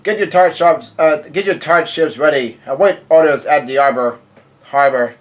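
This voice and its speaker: A man's voice: a little high, normal speed. Casual man reading a comic aloud. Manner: reads dialogue aloud flatly, stumbles and self-corrects, swears in surprise. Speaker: manga reaction reader.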